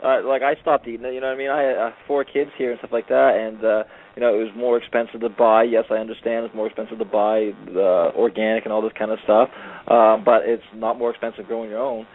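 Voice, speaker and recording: Male caller, low voice, rambling easygoing chat, phone-line audio. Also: flat delivery, fast, hardly any pauses. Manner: rambling, loaded with "you know" and "uh". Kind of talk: casual call-in chat.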